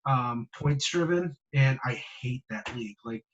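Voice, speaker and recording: A man co-hosting a casual fantasy football podcast, hesitating and filling pauses with ums and uhs. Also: mid-range voice, a bit bright, highs cut off. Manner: hesitant, filler-heavy, trailing off. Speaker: podcast co-host.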